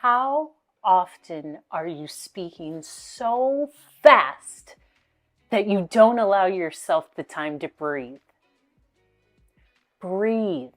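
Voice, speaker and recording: A woman speaking coach gives motivational tips in a slow, unhurried delivery. She pauses often and repeats her key words, with faint music behind her. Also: fairly low pitch, expressive.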